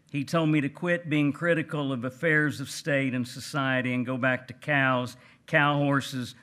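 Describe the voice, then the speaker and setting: A man voicing a cranky, plainspoken older Texas gentleman writer with a Texan accent, reading aloud with a dry, folksy manner. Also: medium pitch, close to an everyday voice. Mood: reflective. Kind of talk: reading aloud at a book event.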